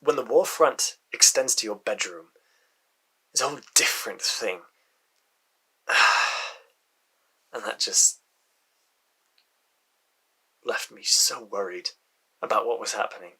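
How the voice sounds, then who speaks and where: Man, casual first-person storyteller, low-pitched, breathy, halting with frequent sighs. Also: animated, pushed and bright.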